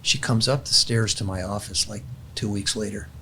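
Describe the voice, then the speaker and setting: A man's voice: on the low side, fairly even intonation, normal speed, bright, forceful tone, slight background noise. A man, older in years, earnestly sharing a personal faith story in casual chat, with frequent restarts. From California.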